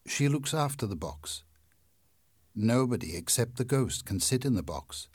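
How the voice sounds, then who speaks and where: A nervous young ballet dancer girl whispers a secret to her friends in an audiobook, put on by a man reading. Her voice sits a little higher than the reader's own and keeps a husky edge. The recording is close and dry. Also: sing-song, measured pace, no echo. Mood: confiding. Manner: confiding, hushed.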